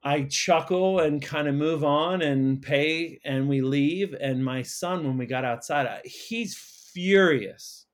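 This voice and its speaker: A man's voice: on the high side, slow pace, few pauses. A man, a school counsellor and podcast guest, telling a personal story in an earnest, emotional way with many fillers and restarts. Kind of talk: casual storytelling conversation.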